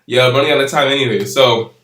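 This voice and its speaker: A man's voice: mid-range voice, fast, fairly bright tone. Rambling young man recapping an episode, echoey room. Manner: rambling, laughs often, filler-heavy. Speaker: anime reviewer. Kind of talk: casual recap review.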